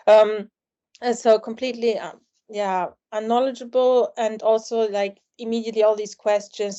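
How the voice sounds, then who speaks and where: A woman in her forties speaks English with a German accent in a mellow, warm tone, spinning lively anecdotes full of restarts. The audio is slightly lo-fi and dull. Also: mid-range voice, moderate pace, clean tone. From East Germany. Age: 40s. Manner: lively storytelling with frequent restarts and acted quotes. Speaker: guest, journalist. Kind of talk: casual interview conversation.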